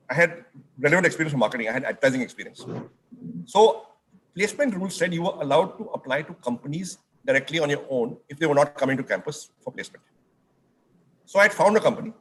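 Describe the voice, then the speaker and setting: A middle-aged man with an Indian accent recounts student-day stories on stage, his speech lively and full of Hindi asides. His voice sits in a middle pitch. A faint hiss runs behind him. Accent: Indian English. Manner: animated anecdotes mixing in Hindi phrases. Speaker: speaker at a summit. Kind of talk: storytelling in an onstage conversation.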